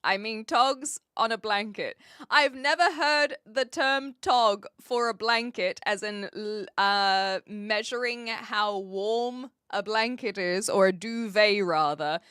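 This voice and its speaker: A woman's voice: medium pitch, takes it slowly, fairly bright tone, smooth, dry recording, studio quality. A woman with a New Zealand accent chatting casually with her live audience as a streamer, reading out and answering their messages. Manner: chatty, reads viewers' messages aloud and answers them.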